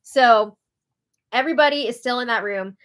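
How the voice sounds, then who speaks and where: A somewhat high-voiced woman hosts a live recap in a casual, chatty way. She is sarcastic and laughs often, her volume jumping from loud outbursts to hushed, conspiratorial asides. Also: normal speed. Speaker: host.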